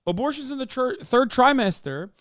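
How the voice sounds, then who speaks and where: A man's voice: extremely high pitch, big pitch swings, normal speed, fairly bright tone, no room sound, clean studio sound. A man in his thirties ranting as a live streamer, profane and combative, arguing with his chat. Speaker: streamer reacting to a political interview. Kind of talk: heated live-stream commentary.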